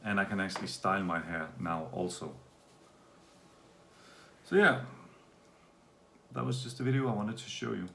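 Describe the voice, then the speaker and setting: Speaking at a normal speed and pausing often, a man from Denmark gives a loose, relaxed vlog update full of fillers. His low voice has a gravelly edge, and the echoey room carries a faint hum of ambience.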